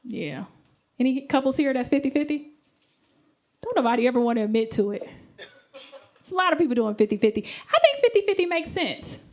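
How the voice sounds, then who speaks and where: A woman's voice: high voice, a little mellow. A woman performing a stand-up comedy set, telling brash stories and acting out voices with sudden shrieks. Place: comedy club stage with laughing audience. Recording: live club recording with audience noise.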